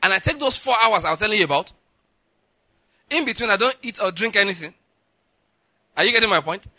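Middle-aged pastor preaching, kinda high voice, keeps saying listen and laughing. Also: male voice, fairly quick, dry recording. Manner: lively, repeats "listen" and "all right", laughs at own jokes. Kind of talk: sermon with acted-out anecdotes.

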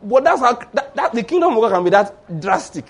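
A high-voiced preacher with a husky edge, swinging his pitch up and down as he presses his points home. He drives the sermon hard, tacking an "oh" onto his warnings and slipping into playful little stories. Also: very animated, brisk. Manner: emphatic, exhorting with tag words like "oh".

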